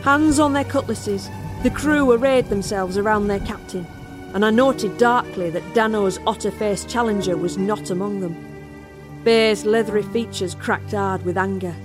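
A woman's voice: mid-range voice, moderate pace, lightly acted. A woman narrating a first-person horror tale as a barmaid in an audio drama. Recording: music score underneath.

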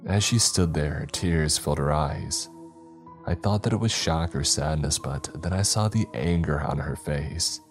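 A man narrating a scripted horror story in a steady, measured way. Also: extremely low pitch, soft background music.

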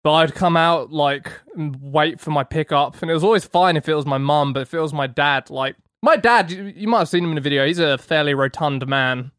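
Young male co-host, a bit high-voiced, swearing jokester, dry close recording. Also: a little fast, few pauses, a bit bright, smooth, no echo. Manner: profane, joking banter. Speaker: podcast co-host. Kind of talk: casual chat.

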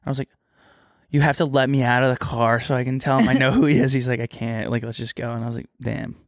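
A young man co-hosting a podcast rambles through a casual story, with "like" in every other phrase. His voice sits at an ordinary middle pitch. The sound is close and dry, with no room around it. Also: flat delivery, quick pace, no echo. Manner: rambling storyteller, heavy use of "like". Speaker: podcast co-host. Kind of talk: casual chat.

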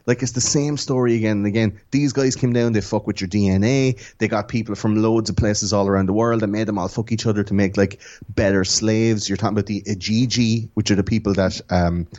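Rambling man, low and muffled. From Ireland. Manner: rambling, animated storytelling. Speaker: guest. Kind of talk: casual podcast chat.

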